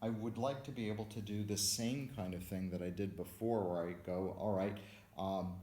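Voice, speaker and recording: A man's voice: fairly low pitch, steady tone, normal speed, mellow, roomy sound, a little hiss or hum. A man teaching a music theory lesson, explaining step by step and counting beats aloud. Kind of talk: lecture with sung and spoken examples.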